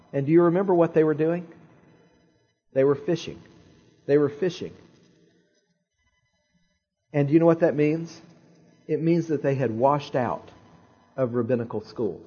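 Man, pastor, sermon storytelling, husky voice, dramatic repetitions, muffled recording. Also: on the high side, mellow.

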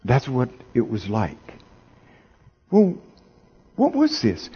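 Preacher guy, slowish, goes quiet then gets loud, asks the crowd stuff. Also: mid-range voice, wildly swooping pitch, breathy edge, highs cut off. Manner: dramatic, swinging from hushed to loud and exclaiming; asks the audience questions. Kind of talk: sermon.

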